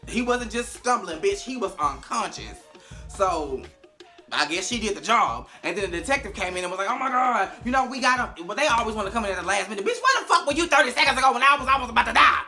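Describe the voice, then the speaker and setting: A young woman, recapping a TV episode to camera, profane and animated, acting out the scenes with big vocal swings. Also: fairly high pitch, quick pace, soft background music. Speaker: TV recap vlogger. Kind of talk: casual recap commentary to camera.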